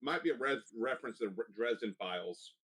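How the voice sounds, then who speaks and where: A man chiming in on a livestream chat with quick, hesitant interjections. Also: mid-range voice, expressive, fairly bright tone, husky, no echo. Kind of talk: casual stream chat.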